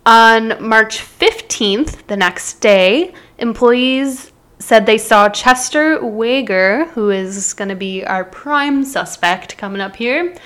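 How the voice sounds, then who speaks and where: A woman's voice: on the high side, animated, slow, a bit bright. A woman from Illinois, co-hosting a podcast, who tells a true-crime story in a chatty, casual way and laughs easily. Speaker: podcast co-host.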